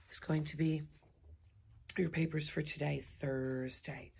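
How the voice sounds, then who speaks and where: A woman teaching a recorded remote lesson to young children, animated and sing-song as she coaxes them along. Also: low-pitched, a little hiss or hum. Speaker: kindergarten teacher.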